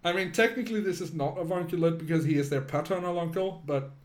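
A man's voice: on the high side, fast. A man co-hosting a podcast, adding dry, wry remarks in casual chat. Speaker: podcast co-host.

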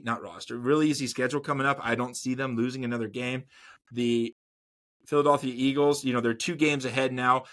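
A man co-hosts a sports podcast in a middle-pitched voice. He talks casually and rambles, repeating words and trailing off before he lands a point. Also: fairly bright tone. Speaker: podcast co-host.

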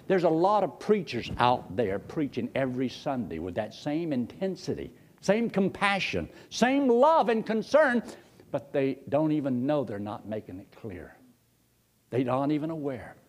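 An older man, preaching a folksy storytelling sermon, his husky voice leaping high when excited and dropping low to quote others. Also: measured pace.

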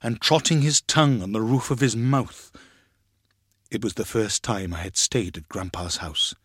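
A man narrating a story in a measured, expressive reading. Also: on the low side, slightly rough, dry recording, clean studio sound.

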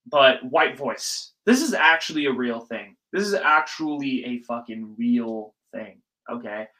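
A young man rants through a casual solo podcast with a bright, forceful voice. He is animated, jumps between topics and swears freely. His pitch sits in the middle of the male range. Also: a little slow, poor audio. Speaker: podcast host.

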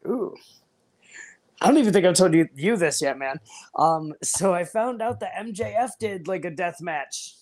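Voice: mid-range voice, expressive, darkish tone. Rambling, giggly podcast co-host. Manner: rambling, many fillers, quick bursts, laughs a lot. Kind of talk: casual chat. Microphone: remote call.

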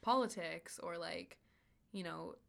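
A woman's voice: fairly low pitch, slow pace, vocal fry, background noise. A young woman co-hosting a podcast, chatting casually and telling a story full of fillers. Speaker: podcast co-host. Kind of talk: casual chat.

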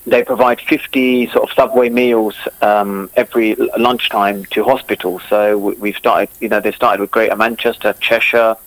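A man's voice: fairly low pitch, little pitch movement, normal speed, few pauses, dry recording, low-quality recording. A man, a cricketer being interviewed, talks eagerly and rambles with many fillers and restarts. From England. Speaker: cricketer and guest.

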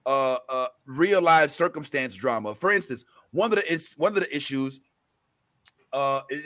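A man hosting a casual pop-culture talk show, rambling through restarts and fillers and getting animated when he retells scenes. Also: fairly high pitch. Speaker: show host.

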